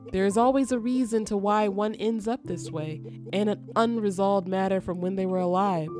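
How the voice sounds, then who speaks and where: A woman reading the lines of a calm, solemn male spirit guide in a slow, formal way. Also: mid-range voice, close to an everyday voice. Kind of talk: reading game dialogue aloud.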